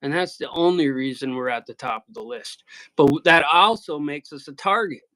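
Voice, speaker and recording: A man's voice: fairly high pitch, animated, normal speed, pushed and bright, rough recording. A man from Michigan with an Upper Midwest American accent, chatting casually in a blunt, profane, joking way. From Michigan, USA. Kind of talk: casual chat.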